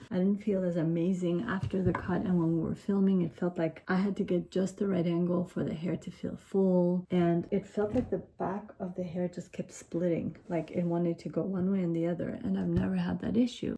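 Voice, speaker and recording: A woman's voice: on the low side, vocal fry, warm tone, muffled recording. A woman talking casually to the camera in a rambling, chatty vlog, laughing often. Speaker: vlogger.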